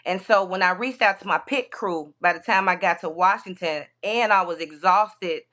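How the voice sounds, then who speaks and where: A woman's voice: on the low side, moderate pace, bright, forceful tone. A woman guest on a podcast telling a long road-trip story in a rambling way, with many restarts.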